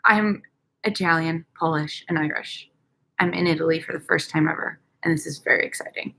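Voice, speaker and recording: A woman's voice: low voice, brisk, gravelly, a bit bright. Young woman with a Chicago accent, casual vlog host; upbeat, rambling, giggly delivery, recorded outdoors at night. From United States. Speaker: dental hygienist vlogger.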